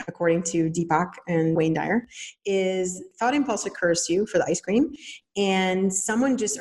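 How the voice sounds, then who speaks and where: Animated woman explaining ideas. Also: mid-range voice. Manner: animated, acts out quoted voices. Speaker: podcast host. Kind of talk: casual teaching monologue.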